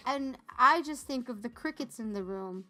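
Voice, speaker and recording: Bright-voiced sarcastic woman podcaster. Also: fairly high pitch, moderate pace. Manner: animated, sarcastic, laughing often. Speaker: podcast co-host. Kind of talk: casual chat.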